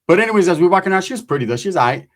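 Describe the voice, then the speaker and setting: A man's voice: sits high, expressive, racing. Slangy, profane storyteller man. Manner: loose, profane, slangy storytelling with frequent "right?" asides. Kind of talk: casual storytelling.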